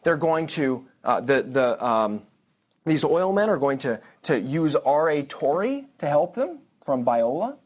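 A man's voice: a little high, very animated, unhurried, a little mellow, slightly rough. A man giving a church history lecture to a congregation class, conversational and digressive, with frequent restarts and dry asides.

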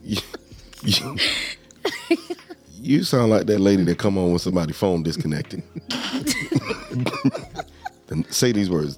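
A man hosting a casual talk show, teasing his guests and laughing often, with drawn-out emphatic phrases. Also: deep voice. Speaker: podcast host. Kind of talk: casual chat.

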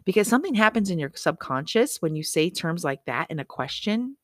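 A woman's voice: fairly low pitch, sing-song, a little fast, no echo, studio quality. A woman hosting a motivational podcast, chatty and upbeat, often correcting herself and making asides to herself. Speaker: podcast host.

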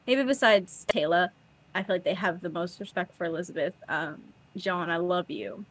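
A woman's voice: lowish voice, moderate pace. A young woman co-hosting a podcast in casual chat, talking animatedly and acting out quotes with laughs. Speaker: podcast co-host.

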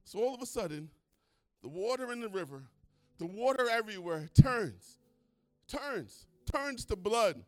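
A man preaching a sermon at a church service, excitable and swinging from hushed talk to shouting as he retells stories. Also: sits high, a little slow, no echo. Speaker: pastor.

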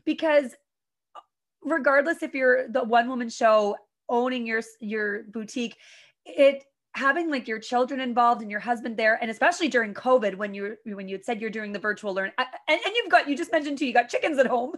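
A woman's voice: fairly high pitch, fairly quick. A woman hosting a podcast interview, chatty and encouraging. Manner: warm, effusive, encouraging. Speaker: podcast host. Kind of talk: casual interview chat.

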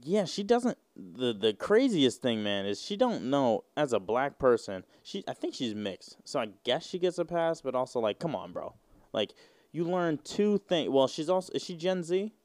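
A man's voice: mid-range voice, big pitch swings, normal speed, a little mellow, no echo. Rambling, profane man in his twenties. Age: 20s. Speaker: podcast host. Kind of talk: casual solo podcast rant.

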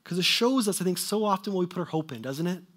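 A male preacher with a fairly high, animated voice moves quickly through his sermon. He alternates between loud, emphatic questions and quiet asides that trail away.

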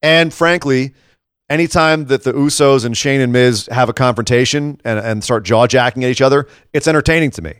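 A man's voice: medium pitch, brisk, clean tone, no echo, clean studio sound. A man co-hosting a podcast, chatting animatedly in a casual wrestling recap. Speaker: podcast co-host.

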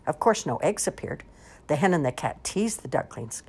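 Husky woman reading storybooks aloud. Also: sits low, normal speed. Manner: expressive, lively storytelling. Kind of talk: animated storybook read-aloud.

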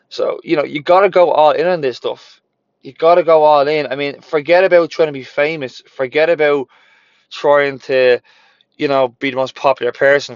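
A man's voice: a little high, clean tone, no echo, muffled recording. A gym owner and former personal trainer telling his story to motivate others, candid, swearing freely and repeating phrases for emphasis.

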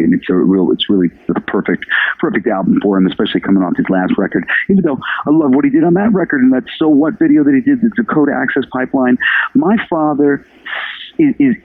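A man's voice: mid-range voice, no room sound. A man talking as a guest in an interview, emphatic and passionate, swearing often. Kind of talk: casual interview. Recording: dry phone-line sound.

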